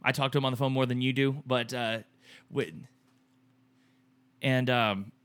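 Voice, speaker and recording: A man's voice: mid-range voice, steady tone, unhurried, very noisy. A man in his thirties co-hosting a casual chat, telling an emotional story in a rambling way with many restarts and some swearing. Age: 30s. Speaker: podcast co-host.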